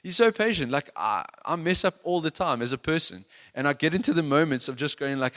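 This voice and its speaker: A man's voice: a little high, expressive, fast, hardly any pauses, fairly bright tone. A man preaching a sermon in an earnest, conversational, self-deprecating way, with many restarts. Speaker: worship leader giving a sermon.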